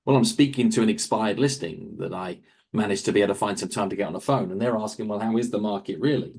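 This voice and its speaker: A man, a real estate coach, answering interview questions in a lively coaching manner, briefly acting out quick asides. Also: fairly low pitch, slightly rough. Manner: animated, acts out quick asides in other voices.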